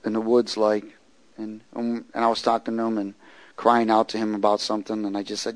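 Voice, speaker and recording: A man preaching and telling his testimony, moving from loud preaching to hushed storytelling. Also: lowish voice, completely flat delivery, a little fast, no echo, poor audio.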